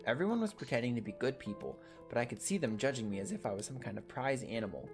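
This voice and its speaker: A man reading horror-game dialogue and narration aloud in a steady storytelling voice. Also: mid-range voice, fast, music in the background.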